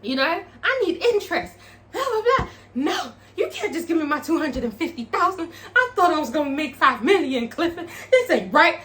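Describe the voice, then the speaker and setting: A woman's voice: sits high, sing-song, moderate pace, fairly bright tone, pitched above the performer's own voice. A woman voicing a greedy club investor, protesting in a whiny tone. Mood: indignant.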